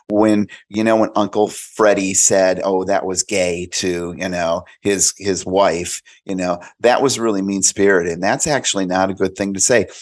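A man as a podcast guest telling animated stories in casual chat, acting out quoted voices. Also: sits low.

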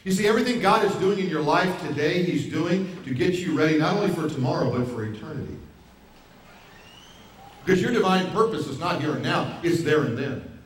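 A man's voice: on the high side, animated, fairly quick. A male pastor preaching a sermon, pressing his points with rhetorical questions. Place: church hall. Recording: very echoey hall, mic far off.

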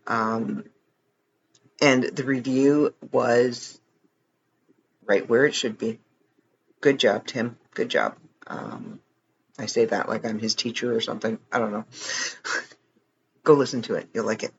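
A man's voice: mid-range voice, steady tone, unhurried, vocal fry, long pauses, lo-fi sound, slight background noise. A man hosting a podcast late at night, tired and rambling, chatting casually with self-deprecating jokes and frequent chuckles. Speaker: podcast host. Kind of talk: casual chat.

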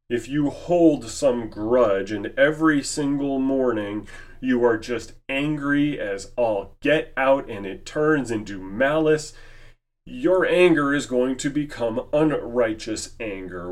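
A man preaching a sermon in a deliberate manner, posing rhetorical questions to his listeners. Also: mid-range voice.

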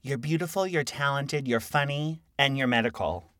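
A man's voice: medium pitch, normal speed, a bit bright. A man hosting a casual studio interview, effusive and exclamatory. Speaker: podcast host. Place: recording studio.

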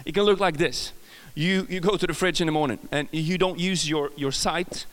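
Speaking at a normal speed with a fairly bright, somewhat high voice, a Swedish-accented man preaches a laid-back sermon full of jokes. He keeps restarting sentences and bantering with the crowd, and the recording carries a long reverb tail and slight background noise.

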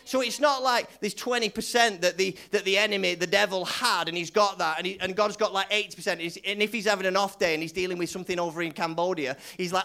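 A man's voice: high-pitched, fairly even intonation, quick pace, creaky, hardly any pauses, pushed and bright. A male pastor preaching in a loose, conversational way, repeating himself and leading the congregation in call-and-response. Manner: conversational, repetitive, lots of restarts. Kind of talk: sermon.

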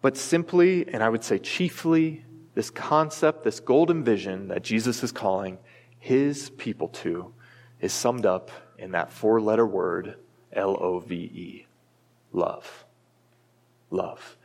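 A pastor delivering a sermon in a church, earnest and emphatic, with the odd light aside to the congregation. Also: male voice, on the low side, lively intonation, unhurried, darkish tone. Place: church sanctuary. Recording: long reverb from a large hall.

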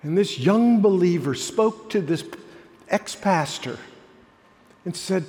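Pastor preaching in a reverberant church. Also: male voice, on the high side, very animated, unhurried. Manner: storytelling, rising to impassioned emphasis then dropping soft. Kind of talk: sermon. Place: church sanctuary. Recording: long hall reverb.

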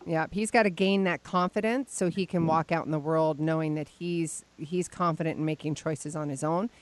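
A woman's voice: low-pitched, fairly even intonation, normal speed, no echo. Affectionate woman call-in host. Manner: warm-toned, affectionate, calls people sweetheart. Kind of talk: call-in show hosting.

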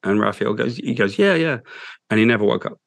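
A man, a guest in an interview, telling an emotional story in a halting, heartfelt way. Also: lowish voice, expressive, vocal fry, no echo. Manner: halting, with restarts, soft and heartfelt.

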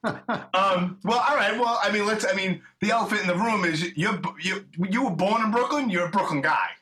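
New guy hosting a podcast, middle-aged, bright edgy voice, swears a lot, rambles. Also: high voice, moderate pace. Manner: rambling, profane, chummy. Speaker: podcast host. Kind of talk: casual interview chat.

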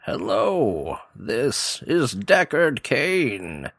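A man's voice: medium pitch, wildly swooping pitch, very slow, fairly bright tone, dry recording, studio quality, exaggerated voice. A man playing a meek male impostor in a comic sketch, hesitant and flustered. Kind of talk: comedic phone-in sketch.

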